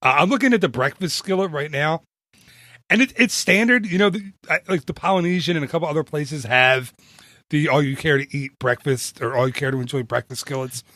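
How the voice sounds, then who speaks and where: A man co-hosting a podcast, chatting casually and telling a lively story with frequent restarts. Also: a little high, a little fast, no echo, clean studio sound. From northern United States. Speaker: podcast co-host. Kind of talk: casual chat.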